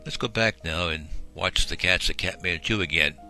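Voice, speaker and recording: A man with a very low, deep voice narrates a home video in a folksy, rambling manner, filling gaps with small fillers. Music plays steadily behind the voice. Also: moderate pace, pushed and bright. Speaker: shelter volunteer and video narrator.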